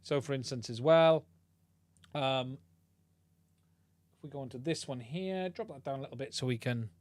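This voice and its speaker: A man's voice: medium pitch, moderate pace, a little mellow, slight background noise. A man hosting a casual livestream, chatty and self-deprecating, often repeating himself. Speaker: livestream host. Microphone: studio mic through podcast mixer.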